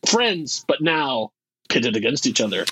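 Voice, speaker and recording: Lively playful man co-hosting a movie podcast. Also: mid-range voice, a little slow, slightly rough, rough recording. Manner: playful, laughs often, jokes about accents. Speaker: podcast co-host. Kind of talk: casual movie chat.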